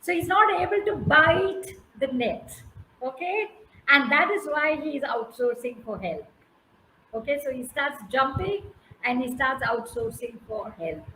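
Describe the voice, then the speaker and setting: Animated Indian English woman storyteller, unhurried, echoey hall. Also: sits high, a little hiss or hum. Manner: animated, coaxing, praising by name. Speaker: storyteller teaching a class. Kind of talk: interactive storytelling with questions to listeners.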